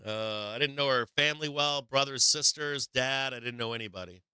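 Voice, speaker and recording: Bright, crisp-voiced man telling a story. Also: medium pitch, moderate pace, no echo, rough recording. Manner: rambling, repeats himself, swears freely. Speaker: host of a live stock market show. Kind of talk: casual storytelling on a live stream.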